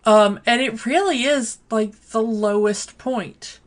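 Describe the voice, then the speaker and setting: A woman co-hosting a podcast in casual chat, unhurried, with lots of fillers. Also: on the high side. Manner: unhurried, many fillers like um and you know. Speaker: podcast co-host.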